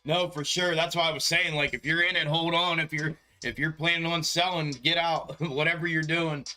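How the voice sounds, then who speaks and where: Bright-voiced laid-back male streamer. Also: fairly high pitch, steady tone, normal speed. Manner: laid-back, profane, chuckles often, addresses viewers as bro. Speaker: stock market livestream host. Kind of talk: casual live-stream chat.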